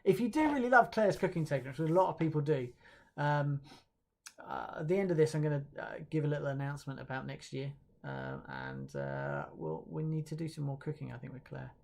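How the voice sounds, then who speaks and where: An awards presenter on a livestream, rambling and stopping often to correct themselves. The delivery is casual and self-mocking, with viewer comments read out between announcements. The pitch sits right in the middle. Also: fairly quick, creaky. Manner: chatty and hesitant, with many fillers and self-corrections; light self-mocking humor.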